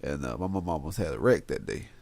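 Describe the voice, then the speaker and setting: A man's voice: very deep voice, expressive, fast talker, gravelly, darkish tone, no room sound. A young man co-hosting a casual podcast chat, laid-back and reflective, talking about his school days. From West Memphis, Arkansas. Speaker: podcast co-host.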